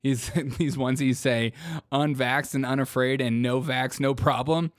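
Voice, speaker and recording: A man's voice: mid-range voice, unhurried, dry recording, clean studio sound. A man hosting a casual political reaction show, joking and mocking what he plays. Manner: joking, mocking, lively, laughs often. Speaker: political commentary host.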